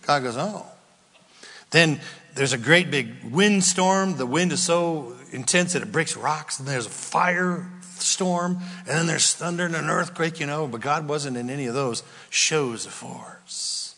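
Guy preaching in a big echoey hall, bright voice, gets loud then goes to a whisper. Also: on the high side, slow pace. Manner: animated, swings from loud outbursts to near whispers. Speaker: pastor. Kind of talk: sermon. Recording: long hall reverb.

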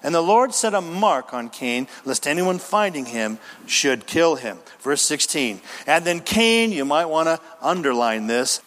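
Man, pastor, sermon, emphatic, lively swooping pitch, reverberant church hall. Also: a little slow, few pauses. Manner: emphatic, animated preaching with verse-by-verse asides.

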